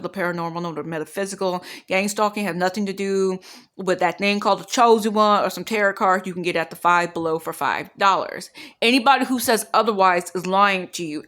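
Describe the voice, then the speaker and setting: A woman's voice: mid-range voice, fairly bright tone. Woman, 40s, vlogging an emotional monologue to camera; agitated, repeats herself, speech catches when upset. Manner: agitated, repetitive ranting.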